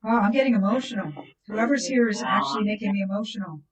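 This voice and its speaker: A woman hosting a live ghost-hunting session, asking spirits slow, soft questions and chatting with her viewers. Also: mid-range voice, crowd noise. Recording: voice distant from the mic.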